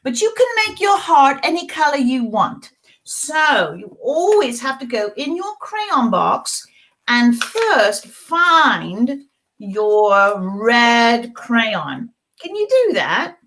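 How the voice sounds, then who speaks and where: A woman's voice: sits high, sing-song, unhurried, fairly bright tone, slight background noise, rough recording. A middle-aged woman hosting a children's storytime and craft lesson in character, talking in a coaxing, sing-song way to small children.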